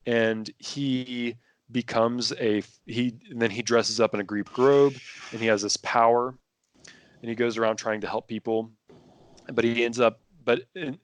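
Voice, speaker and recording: A man's voice: medium pitch, fairly even intonation, a little slow, dry recording. A man talking casually as a podcast guest, rambling with many restarts and fillers. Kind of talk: casual conversation.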